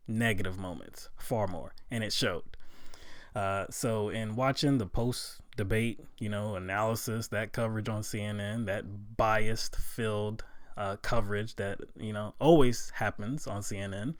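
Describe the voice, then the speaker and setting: A man talking through political commentary in a loose, conversational way, full of fillers, growing loud and incredulous at times. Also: on the low side, dry recording, clean studio sound. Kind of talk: casual political commentary vlog.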